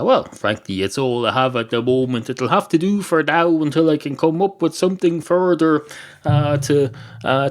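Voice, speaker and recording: A male podcast host who rambles through a self-deprecating solo comedy bit. His deadpan delivery is full of hesitations and fillers. His pitch is mid-range and ordinary.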